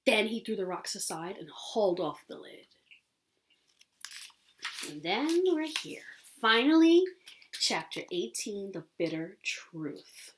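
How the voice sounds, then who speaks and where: A woman reading a novel chapter aloud in an expressive, dramatic way, with small slips and restarts. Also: medium pitch, measured pace. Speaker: audiobook reader.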